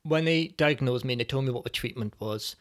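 A man as a podcast guest, speaking reflectively and hesitantly with many pauses as he tells his personal story. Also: mid-range voice. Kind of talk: personal testimony in conversation.

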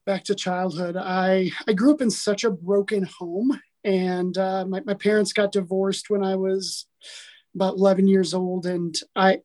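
A man from Milwaukee sharing his personal testimony as a podcast guest, earnest and animated, often restarting his sentences. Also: high voice, measured pace. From Milwaukee, Wisconsin, USA. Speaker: podcast guest, author and coach. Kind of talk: casual personal testimony in an interview.

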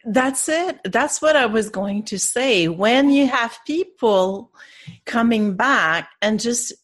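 A woman host speaks slowly in a casual interview, with a husky, breathy tone. Her pitch rises and falls in a lively way. She encourages her guest and laughs along.

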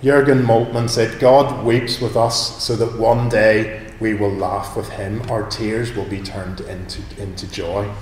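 Preacher in an echoey hall. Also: male voice, on the low side, measured pace, hardly any pauses, slight background noise. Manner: conversational, animated preaching with rhetorical questions. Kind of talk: sermon. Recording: echoey hall with long reverb.

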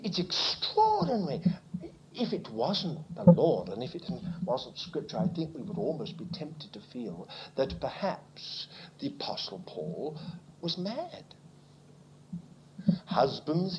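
A man preaching a sermon, swinging from quiet asides to loud exclamations. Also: a little high, slow, slight background noise. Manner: animated preaching, dropping to near-whispers and rising to exclamations. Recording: muffled lo-fi recording.

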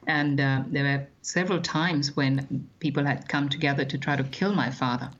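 A man, recounting his childhood as an interview guest in a measured, thoughtful way with frequent hesitations. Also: medium pitch, fairly even intonation, a bit bright, muffled recording. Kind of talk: reflective personal storytelling.

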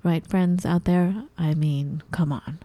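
Woman co-host, low mellow voice, dry close recording, lively casual talk. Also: slow, dry recording. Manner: animated, acts out her own confused reactions in a high voice. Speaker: podcast co-host. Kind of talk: casual chat.

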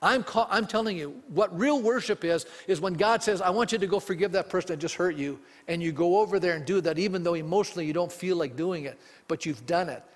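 High-voiced man preaching in a hall. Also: fast talker. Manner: emphatic, asks the congregation questions. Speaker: pastor. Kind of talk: sermon.

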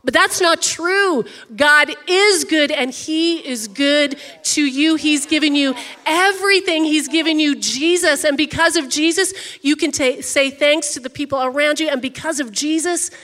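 A woman's voice: high voice, a little slow, few pauses, pushed and bright, long reverb tail. A woman pastor preaching a sermon in a conversational, emphatic way, often saying "like".

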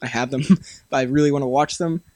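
A man's voice: medium pitch, fairly even intonation, quick pace, darkish tone, no room sound. A young man hosting a podcast, chatting casually, laughing often and restarting sentences. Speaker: podcast host. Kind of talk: casual chat.

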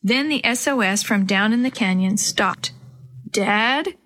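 A woman narrating a children's story aloud in a clear, even storytelling way. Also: mid-range voice, moderate pace, a little hiss or hum.

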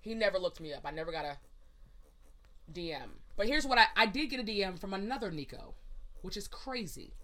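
Lively woman host telling a story, bright voice, jumps up high doing other people's lines. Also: fairly quick. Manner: animated, swearing, acts out quotes in a high voice. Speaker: podcast host. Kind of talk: casual storytelling chat.

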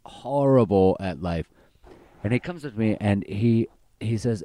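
A young man with a low, mellow voice tells rambling, crude bar stories with plenty of filler words. He talks in loose, casual podcast banter from a dry, close recording. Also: moderate pace, no room sound. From Baltimore. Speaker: podcast co-host, bartender.

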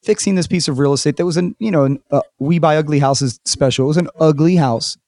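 A man hosting a casual podcast interview, telling stories with lively acted-out quotes and casual swearing. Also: a little high, fast, dry recording, studio quality. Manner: animated storyteller, acts out quotes, swears casually. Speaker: podcast host.

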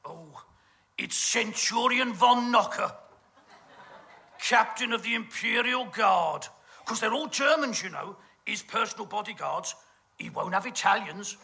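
A man's voice: high-pitched, expressive, a little slow, vocal fry, sharp tone. A man with a British accent doing a camp, gossipy stage comedy monologue full of innuendo. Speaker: comic performer.

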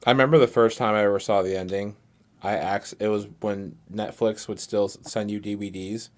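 A man's voice: on the low side, brisk. Profane young man telling stories. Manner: profane, animated storytelling. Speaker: podcast co-host. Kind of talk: casual podcast chat.

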